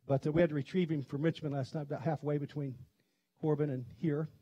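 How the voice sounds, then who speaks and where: A middle-aged pastor from Kentucky preaching a sermon, telling stories in a chatty way and laughing often. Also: male voice, on the high side, steady tone, no echo, highs cut off. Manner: conversational storytelling, quick to laugh. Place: church sanctuary.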